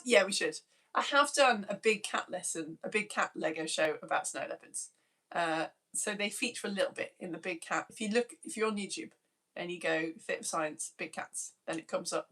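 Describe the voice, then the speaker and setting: A woman's voice: mid-range voice, pushed and bright. A woman in her thirties, a teacher, chatting on a live stream and greeting children by name in a bubbly, self-mocking way. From United Kingdom. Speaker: teacher reading out viewer messages.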